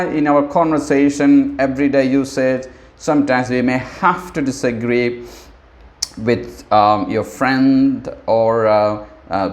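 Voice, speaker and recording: A man, teaching a spoken lesson. He acts out example phrases and keeps checking in with "right?" and "okay?". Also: mid-range voice. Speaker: English teacher.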